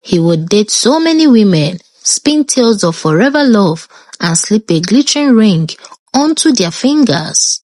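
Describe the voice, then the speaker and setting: A woman with a Nigerian accent narrates a scripted folktale in a lively, lilting voice that swoops through a wide pitch range. Her delivery is expressive and storybook-paced. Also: unhurried.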